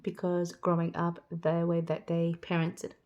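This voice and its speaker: A woman's voice: fairly low pitch, monotone, measured pace, a little mellow, dull audio. A woman in her thirties talking casually to her viewers, rambling and chatty, acting out what other people say. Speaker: vlogger. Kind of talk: casual chat.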